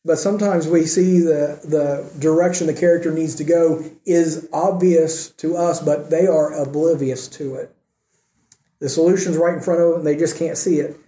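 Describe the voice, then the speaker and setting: A man preaching a sermon with earnest emphasis, swinging between raised emphatic points and quiet, soft asides. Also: on the high side, steady tone, moderate pace, echoey room. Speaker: pastor.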